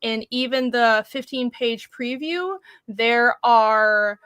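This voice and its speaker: A woman being interviewed as a guest comic artist, chatting casually and upbeat in quick bursts over a video call. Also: a little high, fairly bright tone, clean tone, no room sound.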